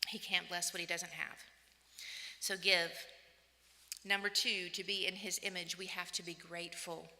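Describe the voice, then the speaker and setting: A woman in her fifties giving an inspirational church talk, telling personal stories in an animated way and acting out the voices she quotes. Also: fairly low pitch, moderate pace. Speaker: women's day church speaker. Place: church hall. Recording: echoey church hall.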